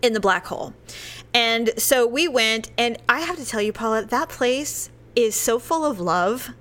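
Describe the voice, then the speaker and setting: A woman telling a story in casual chat, animated, with loud impressions of other people. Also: a little high, a little slow.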